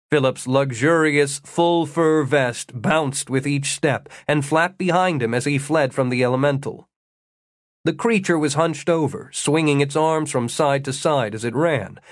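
A man narrating an audiobook in a steady, wry storytelling manner, slowing down for the descriptive passages. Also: mid-range voice, no echo, clean studio sound. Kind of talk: scripted narration.

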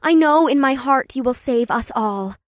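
A man's voice: very high voice, lively intonation, moderate pace, no room sound, studio quality, pitched above the performer's own voice. A man voicing an adoring young cat girl in a fantasy audiobook, earnest and devoted in the way she speaks. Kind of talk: audiobook character voice.

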